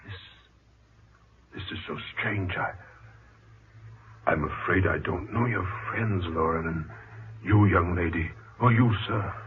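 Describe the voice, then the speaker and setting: An actor in an old-time radio drama playing a long-dead, old-fashioned male ancestor who speaks slowly, formally and haltingly. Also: low-pitched. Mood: dawning. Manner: slow, formal, halting speech. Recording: muffled, hissy old radio transcription.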